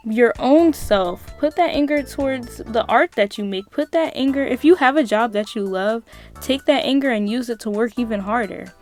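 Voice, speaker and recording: A young adult woman vlogging a passionate motivational monologue, emphatic and repetitive, with casual swearing. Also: mid-range voice.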